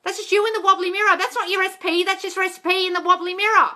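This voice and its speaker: A woman's voice: very high-pitched, little pitch movement, fast talker, bright, forceful tone. A woman hosting a live manifestation Q&A on her phone, reading comments aloud and answering bluntly and playfully, often swearing and calling people darling. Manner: blunt, profane, playful, calls everyone darling.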